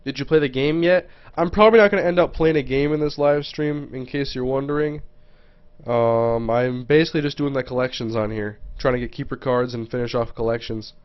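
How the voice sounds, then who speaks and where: A man's voice: mid-range voice, brisk, clean tone, highs cut off. Muttering man on a live stream. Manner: mutters to himself while browsing, reads chat questions aloud. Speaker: gaming livestreamer. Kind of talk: casual live-stream commentary. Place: home.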